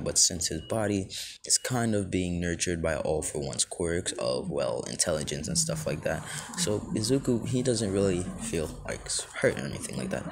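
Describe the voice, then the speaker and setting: A man's voice: low voice, background noise. A young man casually narrating an improvised fan story, rambling, with many fillers and self-corrections.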